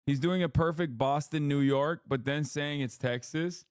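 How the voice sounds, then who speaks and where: A man's voice: fairly high pitch, moderate pace, smooth, dry recording, clean studio sound. A man streaming and reacting to clips, talking casually and bluntly, swearing and joking. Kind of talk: casual commentary.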